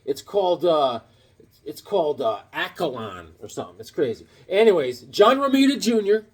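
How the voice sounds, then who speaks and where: Animated, husky-voiced man telling stories. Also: medium pitch, moderate pace. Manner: animated storyteller, acts out voices. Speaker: comic book vlogger. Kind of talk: casual show-and-tell chat.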